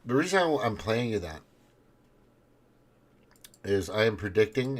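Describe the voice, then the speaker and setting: Deep husky guy rambling on his podcast, swears a lot, keeps restarting. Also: big pitch swings, unhurried. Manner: rambling, profane, many restarts. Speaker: podcast host. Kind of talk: rambling casual monologue.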